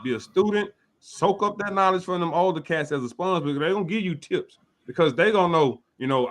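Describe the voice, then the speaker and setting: A man's voice: high-pitched, lively intonation, fairly quick, few pauses, fairly bright tone. A man hosting a casual sports interview, laid-back and full of slang as he gives advice. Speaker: host.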